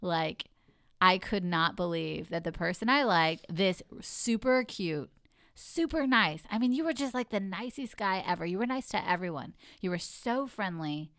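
A woman in casual conversation, telling a story in an animated, expressive way. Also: fairly low pitch, normal speed, no echo, clean studio sound. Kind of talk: casual chat.

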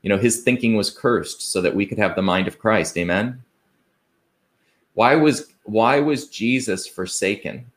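A man's voice: on the low side, a little slow. Earnest man preaching a sermon. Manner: earnest, asks rhetorical questions, quotes scripture; conversational, with fillers and restarts.

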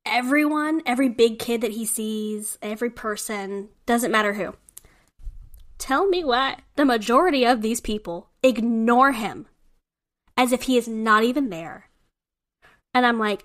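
Animated woman with a high voice. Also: a little slow. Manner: animated, emphatic, swears. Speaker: podcast co-host. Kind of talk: casual chat.

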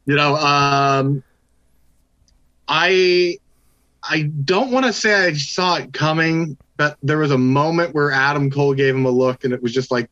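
A man's voice: on the high side, a little slow, a bit bright, lo-fi sound. A man co-hosting a casual chat show, giving blunt, dry opinions. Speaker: podcast co-host.

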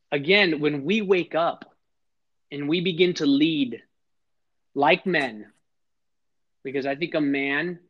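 A man's voice: fairly high pitch, a bit bright. A middle-aged man, a podcast guest, telling personal stories in an earnest, emphatic way and often restarting his sentences. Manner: earnest, emphatic, repeats words when starting sentences. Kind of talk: heartfelt conversational storytelling. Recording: slightly dull lo-fi sound.

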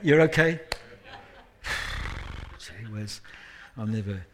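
A man's voice: fairly low pitch, lively intonation, extremely slow, background noise. A man giving a guest sermon at a church service, talking in a conversational way with self-deprecating asides and rising emphasis. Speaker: guest preacher.

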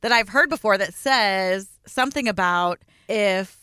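Middle-aged woman podcast host, confessional and chatty; bright, clean voice, dry close mic. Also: medium pitch, unhurried, smooth, dry recording. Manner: candid, confessional storytelling with quoted self-talk. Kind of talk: casual chat.

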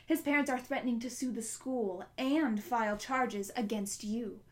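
A woman's voice: on the high side, moderate pace, lightly acted. A woman voicing a stern older headmistress. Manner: sharp, scolding.

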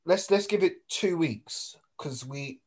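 A man's voice: on the high side, expressive, takes it slowly. A young English man hosting a podcast, chatting casually and rambling through stories with lots of fillers. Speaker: podcast host. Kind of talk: casual chat.

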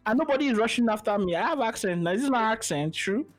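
A man's voice: high-pitched, lively intonation, fast, poor audio. A man hosting a podcast over a call, talking casually and giving his opinions with many restarts. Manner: laid-back, opinionated, frequent restarts. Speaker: podcast host. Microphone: remote call.

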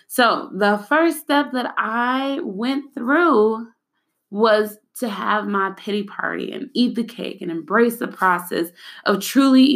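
A young adult woman hosts a casual podcast monologue, chatting in a personal way and often calling her listeners "y'all." Her voice is lowish with a fairly bright tone.

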